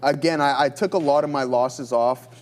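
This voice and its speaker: A man's voice: mid-range voice, fairly even intonation, normal speed, darkish tone. A man hosting a live trading stream, thinking aloud and joking as he calls his trades. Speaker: livestream trading host.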